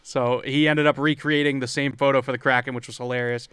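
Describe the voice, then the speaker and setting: A man's voice: mid-range voice, little pitch movement, fast talker, fairly bright tone, clean tone, no echo, clean studio sound. A man co-hosting a podcast, easygoing and joking in casual chat. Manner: easygoing, joking, brief interjections. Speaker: podcast co-host.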